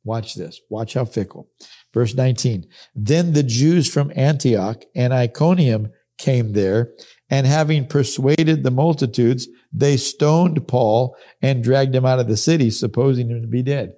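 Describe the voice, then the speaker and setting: Middle-aged male Bible teacher, mellow low-bright timbre, emphatic sermon delivery with repeated lines. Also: a little slow. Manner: emphatic, repeats key phrases, acts out quoted speakers.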